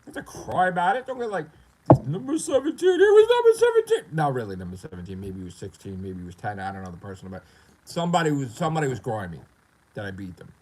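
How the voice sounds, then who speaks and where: A man's voice: lowish voice, very animated, quick pace, poor audio. A middle-aged man with a New York accent, ranting profanely and animatedly as a gaming streamer on a casual livestream.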